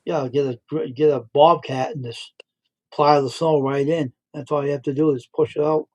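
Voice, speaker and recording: A man's voice: fairly high pitch, steady tone, normal speed, darkish tone, dull audio. A middle-aged man hosting a livestream, telling rambling stories and repeating himself. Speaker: livestream host. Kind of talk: casual storytelling.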